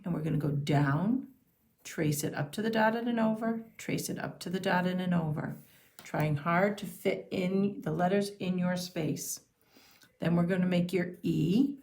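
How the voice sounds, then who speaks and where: A woman teaching young children to sound out and write simple words, speaking slowly and clearly. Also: lowish voice. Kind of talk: early-reader phonics and handwriting lesson.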